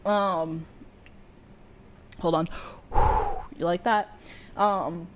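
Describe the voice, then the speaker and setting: A woman's voice: lowish voice, fairly even intonation, drawn-out words. A woman streamer in casual livestream chat who burps between lines, giggles a lot and swears casually.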